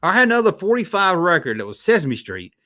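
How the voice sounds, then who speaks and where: A man's voice: high voice, very animated, fast talker, pushed and bright. A man hosting a live stream, rambling casually and reacting to chat with stammered restarts and casual swearing.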